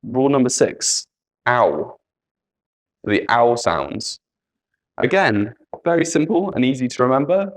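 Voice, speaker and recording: A man teaches English spelling rules at an unhurried pace, with a voice of middling pitch. He is patient and repeats each letter and example word so learners can follow. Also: expressive. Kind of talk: slow spelling lesson.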